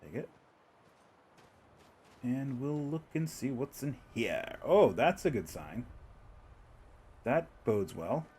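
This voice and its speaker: A man's voice: mid-range voice, very animated, takes it slowly, pauses often, a little mellow, slight background noise. Easygoing man chatting through his gameplay. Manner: chatty, talks to himself and the game, chuckles often. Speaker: streamer playing a video game. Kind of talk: casual gameplay commentary.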